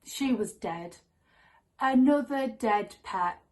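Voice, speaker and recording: A woman telling a comic true story on stage in a wry, deadpan manner. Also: a little high, slow, rough recording.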